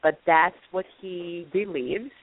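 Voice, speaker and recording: A woman from Queens with a deep voice and a New York accent, talking emphatically in a casual panel discussion. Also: slow. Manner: emphatic, insistent. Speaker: recruiting panelist. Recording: tinny phone-like line.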